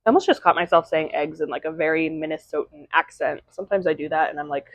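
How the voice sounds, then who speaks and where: In a home vlog shot indoors, a woman who is an aspiring novelist chats to the camera, rambling and leaning heavily on "um" and "like." Her voice is low-pitched and steady in tone, she talks fast, and there's no echo.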